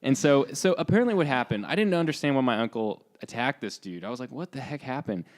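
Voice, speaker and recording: A young man co-hosting a podcast, telling a story in a loose, animated way with lots of fillers and acted-out lines. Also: mid-range voice, quick pace. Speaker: podcast co-host. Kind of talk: casual storytelling.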